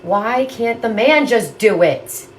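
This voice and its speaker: A woman's voice: on the high side, animated, slow, a little hiss or hum. A young woman in her twenties ranting casually to camera about dating, exasperated and profane. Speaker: content creator.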